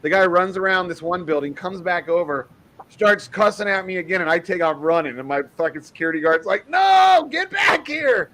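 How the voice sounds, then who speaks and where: A man telling a bar story in casual chat, swearing freely and animated. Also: fairly high pitch, fairly quick, low-quality recording.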